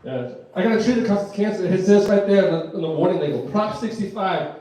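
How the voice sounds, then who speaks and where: A man's voice: high-pitched, lively intonation, fairly quick, mellow. A man doing live stand-up comedy, rambling and laughing at his own jokes, in front of an audience. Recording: echoey room, mic far off.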